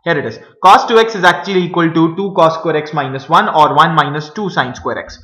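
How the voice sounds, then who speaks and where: Bright-voiced man teaching math. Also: a little high, brisk, reverberant, low-quality recording. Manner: hesitant, many fillers, addresses viewers as guys. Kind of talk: whiteboard math lesson.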